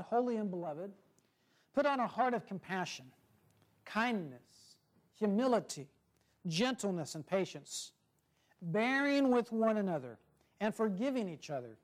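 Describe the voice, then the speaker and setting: A man preaching a sermon, telling a story and reading scripture in a slow, measured way with soft, dropping phrase ends. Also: high-pitched, animated.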